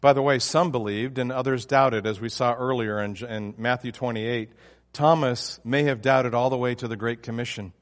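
A man's voice: mid-range voice, fairly even intonation, moderate pace. Man preaching in a reverberant hall. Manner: emphatic, with frequent restarts and fillers. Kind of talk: sermon.

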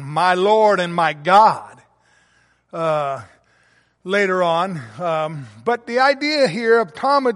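A man's voice: high voice, fairly bright tone. A man preaching a sermon, explaining scripture verse by verse and reading quotations with earnest emphasis. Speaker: pastor. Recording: long hall reverb.

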